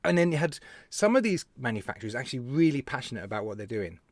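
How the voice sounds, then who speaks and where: Animated British man, chatty live host. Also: mid-range voice, fast, no room sound. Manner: animated storytelling, laughs often, chats to viewers by name. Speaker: live show host, vape reviewer. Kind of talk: casual live-stream chat.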